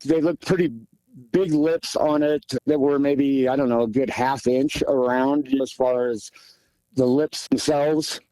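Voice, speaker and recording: A man in his forties from the Pacific Northwest answers interview questions in a plain, repetitive way, leaning on fillers. His voice is mellow and warm. The sound is dry and close, with no room echo. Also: mid-range voice, steady tone, measured pace. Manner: plainspoken, repeats himself, many fillers. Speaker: guest, hunter describing a sighting.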